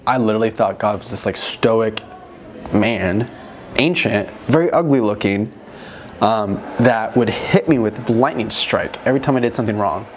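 A young man telling an emotional testimony in a group conversation, excited and rushed, full of "like", into a handheld mic. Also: lowish voice, a little hiss or hum. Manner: excited, rushed, fills speech with "like". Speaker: guest telling his near-death story. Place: room with other men holding mics.

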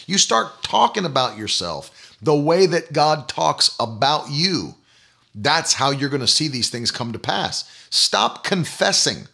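A man's voice: a little high, creaky, pushed and bright, husky. A man preaching a sermon, emphatic and repetitive, leading the listeners in spoken declarations. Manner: emphatic, repeats key phrases; leads declarations.

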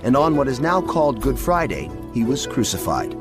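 Lively male history narrator over music. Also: mid-range voice, normal speed. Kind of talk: scripted narration.

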